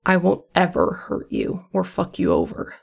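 A woman's voice: fairly low pitch, normal speed, creaky. A woman voicing a grumpy, protective male monster hunter who curses constantly and talks bluntly. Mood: fierce.

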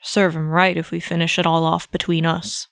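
A woman reading a fan story aloud, voicing a gruff, exasperated, fatherly older male mentor in a low, grumbling tone. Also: flat delivery, moderate pace, a bit bright, no echo.

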